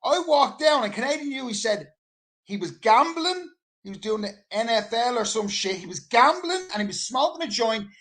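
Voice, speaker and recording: A man with an Irish accent telling a casual anecdote in an animated, rambling way, full of swearing. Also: very high voice, normal speed. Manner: animated, profane, rambling storyteller.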